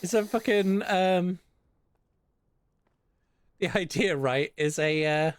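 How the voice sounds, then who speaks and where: A man's voice: sits high, takes it slowly, dry recording. A British man streaming casual chat, rambling and swearing often between laughs.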